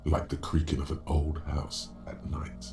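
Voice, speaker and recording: An actor voicing a grave male narrator in a video game, with slow, ominous and vivid delivery. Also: extremely low pitch, monotone, a little mellow, soft background music.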